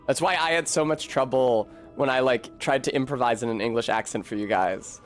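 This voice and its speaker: A man's voice: mid-range voice, a little fast, faint music behind. An American man chatting casually while livestreaming a game, rambling with self-corrections and the odd swear. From United States. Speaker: game streamer.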